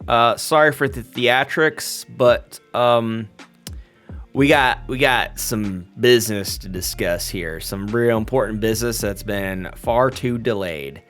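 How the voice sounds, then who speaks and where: A man's voice: lowish voice, slow, fairly bright tone, faint music behind. A man voicing a smug, menacing male vampire prince who drawls folksy, mock-friendly threats. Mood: mock-polite.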